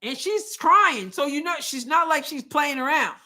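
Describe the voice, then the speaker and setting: A woman's voice: high voice, lively intonation, normal speed, pushed and bright. A woman hosting a live watch party, reacting emotionally and indignantly to a basketball game as it unfolds. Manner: emotional, exclaiming, indignant about calls. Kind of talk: live reactive sports commentary.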